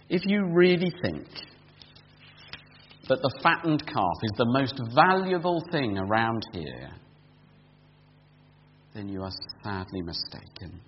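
Preacher with a lively, swooping voice. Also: male voice, fairly low pitch. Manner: expository, rising to emphatic peaks then dropping quiet and intimate. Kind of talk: sermon. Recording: dull lo-fi sound with long hall reverb and faint hum.

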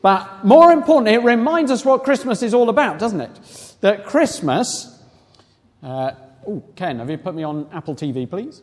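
A high-voiced man leads a family church service, lively and rousing as he gets the children cheering. His voice rings out with long reverb in a large hall. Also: normal speed. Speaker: church leader. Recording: echoey hall.

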